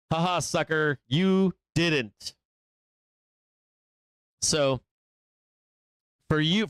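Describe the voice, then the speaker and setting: A man's voice: a little high, smooth, no echo. A man hosting a live trading show, talking through the market in a blunt, rambling, profane way.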